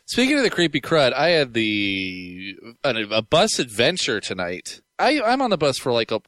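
Lively chatty podcasting man. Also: mid-range voice, no echo. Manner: chatty storyteller, laughing often. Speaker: podcast co-host. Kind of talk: casual podcast chat.

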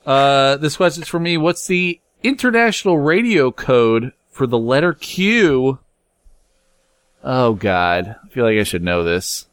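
A man's voice: mid-range voice, sing-song, a little slow, a bit bright, clear, resonant tone, no room sound, studio quality. A man co-hosting a casual podcast, joking around and reading out trivia questions with a rambling delivery. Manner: jokey, rambling, quizmaster. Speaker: podcast co-host. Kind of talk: casual chat.

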